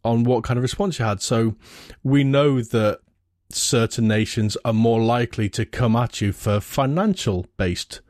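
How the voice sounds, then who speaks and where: A man with a military and defense background, explaining things in a measured way during a casual panel discussion. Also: medium pitch, darkish tone, dry recording, clean studio sound.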